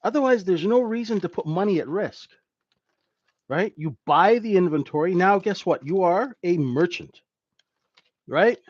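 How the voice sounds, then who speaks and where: A man's voice: sits high, animated, unhurried, dry recording, muffled recording. A man teaching a live trading class in a conversational way, who keeps checking in with "right?". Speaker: trading instructor.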